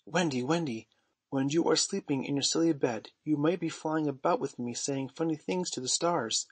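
A man's voice: a little high, moderate pace, slightly rough, dry recording. A man reading aloud voices a cocky, sly boy who never grows up, speaking in a coaxing, wheedling way.

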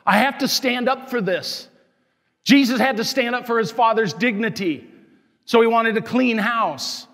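A male priest with a high voice, preaching with fiery, scolding emphasis. His words ring out with a long reverb through the church, as if from the pulpit. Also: a little slow, fairly bright tone. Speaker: Catholic parish priest. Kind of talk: sermon.

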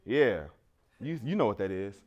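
A man's voice: fairly low pitch, animated, normal speed, muffled recording, noisy background. A man in his thirties performing a stand-up routine, telling stories and laughing at his own jokes. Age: 30s. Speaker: stand-up comedian.

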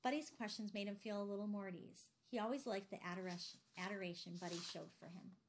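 Woman narrating a novel, measured. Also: mid-range voice, steady tone. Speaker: audiobook narrator. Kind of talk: scripted narration.

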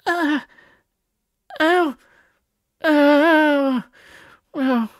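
A man's voice: fairly high pitch, lively intonation, moderate pace, a little mellow, dry recording, studio quality, voice pushed up, close to an everyday voice. A man voicing a young female dragonet who sounds anxious and urgent. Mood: pained.

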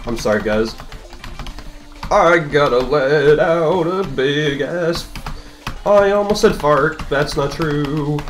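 A man's voice: on the high side, expressive, extremely slow, pauses often. A young man streaming a rhythm game, talking in a rambling, profane, restless way as he plays. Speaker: gaming streamer. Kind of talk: casual gameplay commentary. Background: game music.

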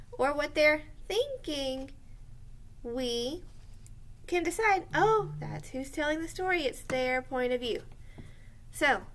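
High-voiced woman teaching young children. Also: sharp tone. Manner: slow, clear and encouraging, spelling out words as she writes. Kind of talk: online class lesson for young children.

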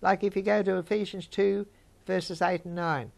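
Older woman, Bible teacher, conversational, gravelly voice with a little fry. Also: medium pitch, steady tone, normal speed, darkish tone. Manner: conversational, chats with listeners.

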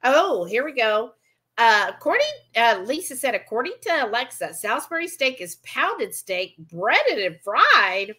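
A woman's voice: a little high, sing-song, unhurried, pushed and bright. A woman hosting a cooking livestream, chatting casually and reading viewer comments aloud.

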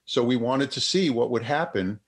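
An older man speaks at an ordinary middle pitch, telling an anecdote in an interview. He acts out the people in his story with raised voices and often restarts his sentences. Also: moderate pace. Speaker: guest psychotherapist and researcher.

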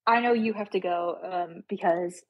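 A woman's voice: lowish voice, moderate pace, breathy edge, highs cut off. A woman guest on a casual live audio chat, a nuclear engineer who talks in an easygoing, chatty way.

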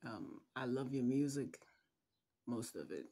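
Tearful, slow-speaking middle-aged woman. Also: a bass voice, lively intonation, warm tone. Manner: slow, tender, halting, drops to a whisper. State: emotional, holding back tears. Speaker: mother addressing her adult son. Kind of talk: heartfelt personal video message.

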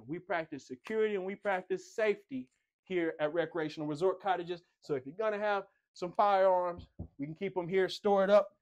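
A man with a fairly high voice leads a walk-through of a home. He talks like a playful showman, cracking jokes and bragging about himself as he goes. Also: highs cut off. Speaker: tour host. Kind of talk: enthusiastic home tour presentation.

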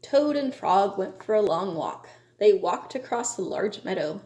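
A woman reading a children's storybook aloud in a slow, measured way. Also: medium pitch, expressive, dark tone. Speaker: reader. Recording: echoey room.

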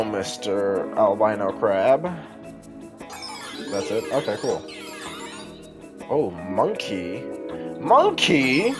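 Guy playing a game and mouthing off, swings up and down a lot, game music playing. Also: on the low side. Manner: sarcastic and swears freely, reacts loudly. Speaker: gaming channel host. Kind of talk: casual let's-play commentary.

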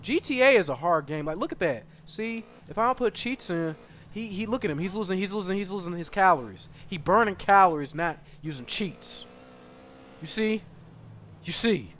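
An excitable male streamer with a high, bright voice that swings widely in pitch. He banters in slang with his chat, flipping from loud shouts to low mutters. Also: brisk, a little hiss or hum. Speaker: gaming streamer. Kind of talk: live gameplay commentary reading chat.

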